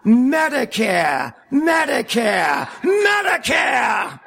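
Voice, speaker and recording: A man voicing a nasal, resentful grown daughter who shouts in exasperation. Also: extremely high pitch, wildly swooping pitch, very slow, creaky, breathy edge, pitched above the performer's own voice, heavily acted. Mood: exasperated.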